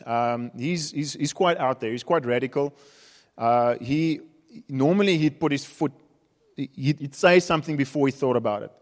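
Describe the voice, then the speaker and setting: A man's voice: medium pitch, normal speed. A man with a South African accent preaching a sermon, telling stories in a conversational, humorous way. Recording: reverberant hall.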